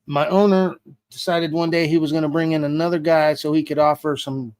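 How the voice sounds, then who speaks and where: A man's voice: on the high side, brisk, smooth, no echo. A man being interviewed, telling a story casually with heavy swearing. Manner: profane, animated retelling with heavy swearing. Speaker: interview guest.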